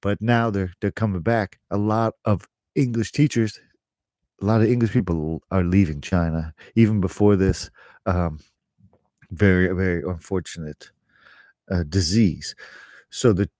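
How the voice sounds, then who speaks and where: Man, middle-aged, rambling chatty vlog talk, fillers and chuckles, low voice. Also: measured pace, a little mellow, no echo, studio quality. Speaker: English teacher and vlogger. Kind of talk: casual talk to camera.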